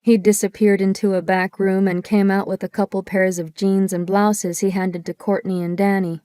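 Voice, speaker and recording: A woman narrates a first-person audiobook in a measured, descriptive way. Her voice is mid-pitched for a woman and sounds close and dry on a studio mic, with no room echo. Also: level tone, dark tone.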